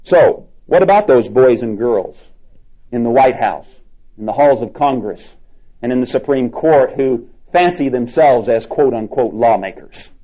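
A man's voice: medium pitch, animated, mellow, muffled recording. Emphatic preacher man on old tape. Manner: emphatic, repeats key words with drawn-out stresses. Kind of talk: sermon.

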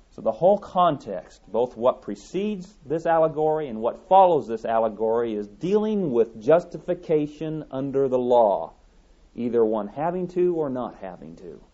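A man's voice: medium pitch, animated, moderate pace, warm tone. Emphatic male preacher on dull lo-fi tape. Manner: emphatic, repeats key phrases, reads scripture aloud. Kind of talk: sermon teaching from a recorded tape.

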